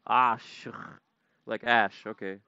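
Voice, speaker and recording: A man's voice: medium pitch, steady tone, takes it slowly, sharp tone, clear, resonant tone, no echo, muffled recording. A man streaming a game, casually chatting and playfully repeating foreign words to practice them. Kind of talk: casual gaming live-stream chat.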